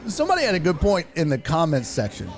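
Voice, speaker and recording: A young adult man hosting a live stream, telling stories in an animated, profane way and acting out the people in them. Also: fairly high pitch, fast talker, slight background noise. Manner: animated storytelling with profanity and acted-out voices. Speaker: streaming show host. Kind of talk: casual live-stream chat.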